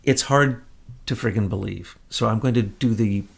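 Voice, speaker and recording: A man's voice: lowish voice, moderate pace, vocal fry, husky. A man hosting an online commentary show, talking casually and emphatically to viewers with rambling asides.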